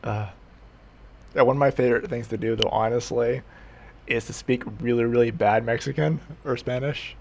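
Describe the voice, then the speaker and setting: Gravelly husky man chatting on stream. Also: medium pitch, steady tone, moderate pace. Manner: laughs often, answers chat. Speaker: live-stream host. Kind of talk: casual live-stream chat.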